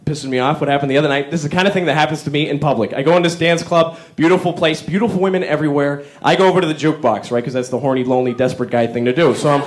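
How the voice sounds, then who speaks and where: A man's voice: on the high side, racing, hardly any pauses. A man doing a stand-up routine on a live comedy stage, rambling through his stories with restarts and asides. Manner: animated, rambling storyteller with restarts.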